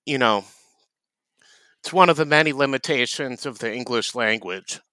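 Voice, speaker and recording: A man co-hosting a casual podcast, trading dry deadpan jokes. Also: mid-range voice, moderate pace, dry recording. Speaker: podcast co-host.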